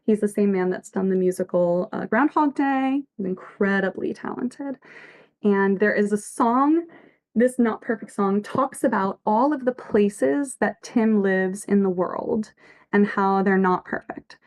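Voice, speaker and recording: A woman's voice: mid-range voice, measured pace, a little mellow. A woman giving casual livestream commentary as a fanfic author, earnest and reflective, reading chat messages aloud.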